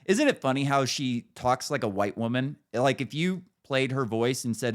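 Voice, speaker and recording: A man's voice: medium pitch, brisk, few pauses. A middle-aged man hosting a podcast, talking in crude, mocking casual chat. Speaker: podcast host.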